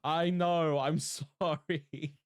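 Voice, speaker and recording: A young man with an Australian accent, chatting casually and rambling to his stream viewers, often swearing and talking fast. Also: fairly high pitch, steady tone, clean tone, dry recording, studio quality. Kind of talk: casual livestream chat to viewers.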